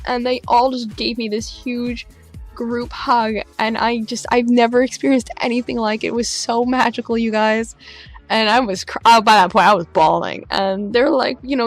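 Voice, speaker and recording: A young woman vlogger telling an excited story, acting out the voices of the people she quotes with big jumps in pitch. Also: normal speed, soft background music.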